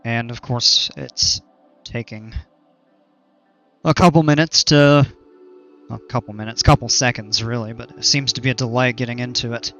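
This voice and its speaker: A man's voice: mid-range voice, steady tone, moderate pace, pauses often, fairly bright tone, highs cut off, soft background music. A man chatting casually on a live game stream through a headset, chuckling a lot and trailing off mid-sentence.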